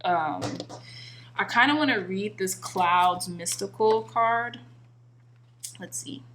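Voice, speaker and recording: Woman tarot reader, earnest, chants her questions to spirit over and over, medium pitch, self-filmed. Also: takes it slowly, fairly bright tone, slight background noise. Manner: repeats invocations to spirit in a chanting rhythm; earnest and emotionally moved. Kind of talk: pick-a-card tarot reading. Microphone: recording herself on camera.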